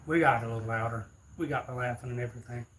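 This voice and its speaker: A man's voice: mid-range voice, very fast, fairly bright tone, a little hiss or hum. A man, telling a rambling, laughing story casually to his viewers. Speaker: streamer.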